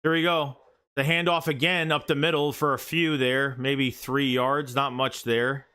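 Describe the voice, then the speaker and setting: Swearing, excitable male fan streamer. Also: medium pitch, unhurried, smooth. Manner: profane, excitable, yells at bad plays. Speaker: fan streamer calling the game. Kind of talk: live fan reaction play-by-play.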